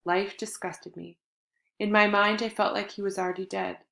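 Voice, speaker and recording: A woman reading a first-person story aloud in an earnest, dramatic manner, moving between hushed and loud passages. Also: mid-range voice, level tone, moderate pace, vocal fry. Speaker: audiobook narrator. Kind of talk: first-person audiobook narration. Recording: echoey room.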